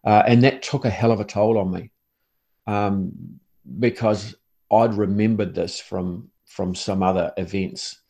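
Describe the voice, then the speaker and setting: Gravelly-voiced former negotiator, earnest. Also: male voice, lowish voice, fairly even intonation, a little slow, mellow. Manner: earnest, repeats and restarts words often. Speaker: former police negotiator and author. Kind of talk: interview storytelling.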